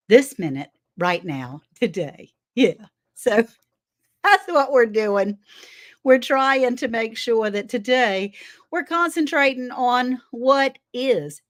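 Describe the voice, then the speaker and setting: A woman hosting a casual live stream, a little out of breath, greeting viewers by name with terms like honey and darling. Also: medium pitch. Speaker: livestream host.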